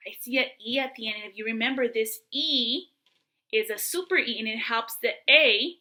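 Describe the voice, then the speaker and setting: A woman teaching a remote phonics and reading lesson, speaking slowly and patiently and spelling out sounds for young children. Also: a little high, sharp tone, rough recording.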